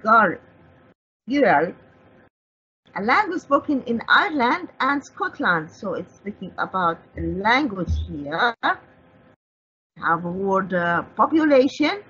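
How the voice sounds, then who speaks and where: A woman's voice: medium pitch, big pitch swings, slow pace, pauses often, pushed and bright, slightly rough. A woman with an Egyptian accent, an Arabic speaker teaching an English vocabulary lesson, who asks and answers her own questions as she explains each word. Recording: dull lo-fi broadcast audio.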